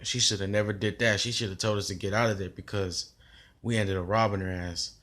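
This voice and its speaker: A man's voice: on the low side, fairly even intonation, fairly quick, fairly bright tone. A young man telling a story in a casual vlog, with loose slang and rambling restarts.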